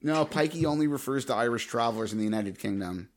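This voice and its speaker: A man's voice: mid-range voice, animated, quick pace. A man co-hosting a movie podcast in casual chat, laughing often and arguing playfully. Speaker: podcast co-host.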